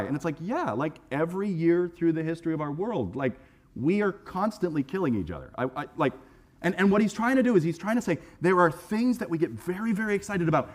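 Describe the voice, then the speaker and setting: A little fast, a pastor preaches in a church sanctuary with a conversational, lively style and acted-out voices for quotes. He has a somewhat high male voice and habitually repeats a word at the start of phrases.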